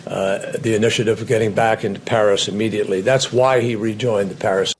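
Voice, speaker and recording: A man's voice: fairly low pitch, fairly even intonation, a little hiss or hum. A man speaking as a politician at a press briefing, formal and oratorical. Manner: formal, grand, slow oratorical delivery.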